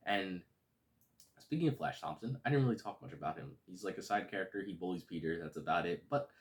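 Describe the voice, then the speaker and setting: Deep-voiced casual movie reviewer man. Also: fast. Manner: relaxed, rambling, many fillers.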